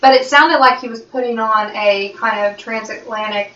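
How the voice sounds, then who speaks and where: An American woman co-hosting a podcast, talking in a quick, playful, chatty way. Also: on the high side, fairly even intonation, bright, forceful tone. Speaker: podcast co-host. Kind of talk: casual chat. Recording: echoey, distant, dull room mic.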